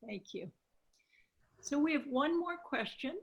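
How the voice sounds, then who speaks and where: A woman's voice: high voice, lively intonation, measured pace, dull audio. A woman moderating a panel discussion, thanking guests and reading a question aloud. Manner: gracious, reads questions aloud.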